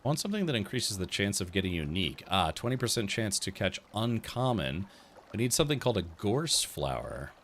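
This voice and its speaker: A man's voice: on the low side, very animated, brisk, slight background noise. A man hosting a let's play stream, chatty and easily distracted while he plays. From United States. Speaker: streamer host.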